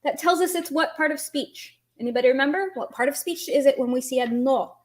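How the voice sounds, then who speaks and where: A woman teaching an online language lesson, explaining grammar patiently and quizzing her students. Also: high voice. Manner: patient, explains slowly, asks students questions.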